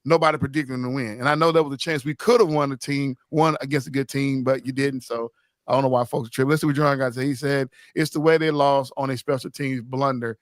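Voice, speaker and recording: A man's voice: medium pitch, fairly even intonation, fast, no room sound, clean studio sound. A man hosting a casual sports podcast, talking loosely and reading out listener comments. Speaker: podcast host.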